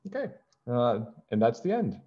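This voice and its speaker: A man, a teacher, reading a children's storybook aloud to his class in a slow, clear and expressive way, in a lo-fi recording. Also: mid-range voice. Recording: dull lo-fi recording.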